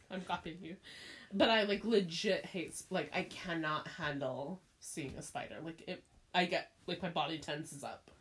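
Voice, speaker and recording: A woman's voice: sits low, measured pace, a bit bright. A young woman in casual chat, giggly and blunt, swearing a lot and saying "like" often.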